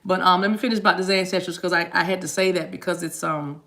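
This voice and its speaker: A woman's voice: lowish voice, fairly even intonation, quick pace, few pauses, a bit bright. A woman giving a live tarot reading, talking straight to her viewers in a chatty, spiritual way. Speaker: tarot reader.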